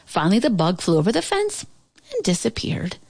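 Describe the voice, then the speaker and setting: A woman reading a picture book aloud in an expressive storytime voice, lingering over lists. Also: mid-range voice, fairly quick, vocal fry, no echo, studio quality.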